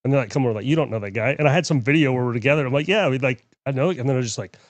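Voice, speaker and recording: A man tells a lively story at a quick clip. His voice sits at a middle pitch. The recording is dry and close. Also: dry recording. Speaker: podcast guest. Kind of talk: casual storytelling chat.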